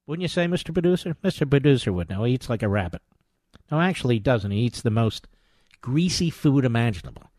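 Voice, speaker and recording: An older man hosting a talk radio show, delivering a combative, sarcastic monologue that swings between loud jabs and quiet asides. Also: medium pitch, sing-song, quick pace, dry recording, studio quality.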